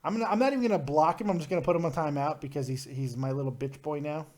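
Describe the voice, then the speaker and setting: A man with a slightly high speaking voice hosts a live call-in show. He is blunt and profane, and he launches into rants without holding back. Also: rapid-fire, a little mellow. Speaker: podcast host.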